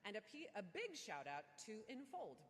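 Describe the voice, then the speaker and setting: A woman's voice: medium pitch, wildly swooping pitch, moderate pace, fairly bright tone. Playful woman hosting an awards stage. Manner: playful, self-mocking, teasing. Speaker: awards show host. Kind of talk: jokey live stage hosting. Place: large event hall stage. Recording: long reverb of a big event hall.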